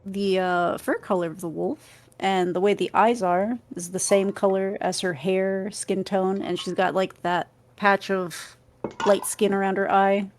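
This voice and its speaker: A woman's voice: medium pitch, flat delivery, a little slow. A woman player in a tabletop game, chatting and describing her character with casual fillers.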